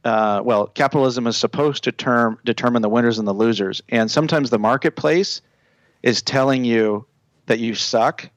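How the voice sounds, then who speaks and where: A man's voice: medium pitch, normal speed, no room sound. Man talking branding, dry close sound. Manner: confident, explains in lists. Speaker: branding consultant, guest. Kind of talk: casual podcast conversation.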